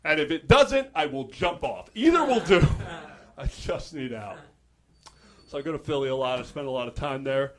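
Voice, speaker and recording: A young man from New Jersey works a club stage with a stand-up set. His voice sits high and swings widely up and down. His delivery is wry and self-deprecating, with hesitant little asides. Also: lively intonation, moderate pace, a crowd in the background. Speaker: stand-up comedian.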